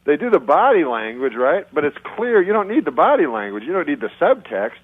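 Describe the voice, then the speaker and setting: A man, a stand-up comedian, chatting casually in a dry deadpan way, pausing often with "uh". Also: fairly high pitch, breathy edge, phone-quality sound. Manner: deadpan, halting with many uh pauses. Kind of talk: casual chat between comedians.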